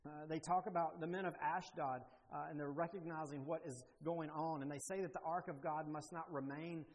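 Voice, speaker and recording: A man's voice: a little high, fairly even intonation, lo-fi sound. Emphatic male preacher in an echoey hall. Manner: emphatic, rising to forceful declarations with slow deliberate pauses. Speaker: pastor. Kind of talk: sermon.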